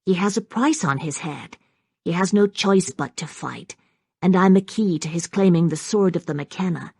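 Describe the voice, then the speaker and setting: Woman reading as resolute young lady, earnest, firm, low gravelly tone, dry close sound. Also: moderate pace, no room sound. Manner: earnest, forceful.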